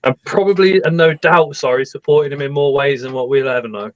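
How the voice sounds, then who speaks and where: A man's voice: mid-range voice, fairly quick, slight background noise. A man with a Liverpool accent hosting a live stream, chatting casually and reading out viewer comments. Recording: dull, dry lo-fi webcam mic.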